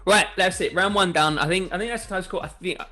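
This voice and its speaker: A man's voice: high voice, fast talker, sharp tone, faint music behind. Chatty man hosting a golf shoe review. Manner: chatty, self-correcting, jokey. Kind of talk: casual chat.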